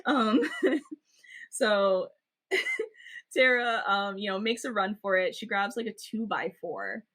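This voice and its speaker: A woman's voice: medium pitch, takes it slowly, a bit bright. A woman co-hosting a podcast in casual chat, giggly, using playful slang and trailing off with fillers. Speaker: podcast co-host.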